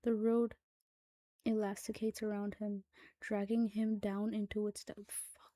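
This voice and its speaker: Hushed woman reading a horror story. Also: medium pitch, little pitch movement, unhurried, no room sound. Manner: hushed, often whispering. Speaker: narrator.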